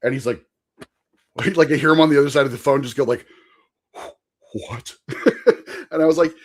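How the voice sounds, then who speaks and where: A man's voice: fairly high pitch, fairly even intonation, brisk. A young man, a podcast guest, telling a rambling anecdote in a casual chat and laughing as he goes. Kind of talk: casual storytelling.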